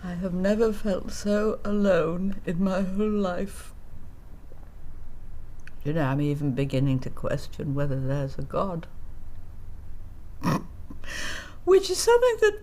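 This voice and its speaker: A woman's voice: on the low side, sing-song, takes it slowly, pauses often, mellow, slight background noise. An actress playing a self-pitying, middle-aged English widow reading out her letter, sighing and fussy, with an English accent. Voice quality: melodramatic, sighing, fussy and prim.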